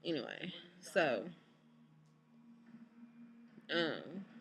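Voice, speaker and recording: A woman's voice: deep voice, big pitch swings, drawn-out words, a bit bright, a little hiss or hum. Exasperated young woman ranting casually. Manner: exasperated, blunt, swears freely. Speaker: vlogger. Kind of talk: casual vlog rant.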